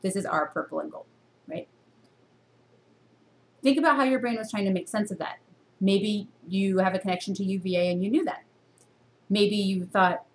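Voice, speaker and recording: A woman teaching a university reading course in a recorded lecture to a camera, asking her students many questions and jumping up in pitch to stress her points. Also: moderate pace, long pauses, a little hiss or hum. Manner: teacherly, full of rhetorical questions; expressive jumps in pitch for emphasis.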